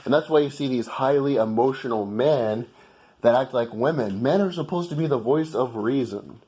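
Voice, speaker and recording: A man's voice: mid-range voice, normal speed, darkish tone. A man from the United States telling a story in a heated, profane rant to the camera. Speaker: vlogger. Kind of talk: ranting monologue.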